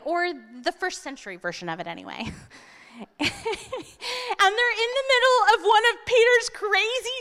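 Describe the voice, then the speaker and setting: A woman preacher retelling a scripture story in an animated, dramatic sermon style. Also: very high voice, big-room sound.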